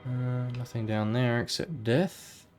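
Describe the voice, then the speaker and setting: A man's voice: medium pitch, fairly even intonation, slow pace, a little mellow, soft background music. A man playing a video game and thinking aloud in a rambling, casual way. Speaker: gamer. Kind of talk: let's play commentary.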